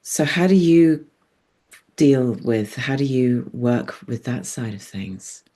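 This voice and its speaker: A podcast host talks with the guest in a loose, chatty way, circling through fillers and restarts before landing on a question. The pitch sits in a middle range for the voice. It is relaxed, informal conversation. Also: slow.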